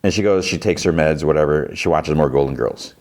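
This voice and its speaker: Low-voiced man rambling through a recap. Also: a little fast, a little mellow. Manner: rambling, full of fillers. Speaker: podcast host. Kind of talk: casual episode recap.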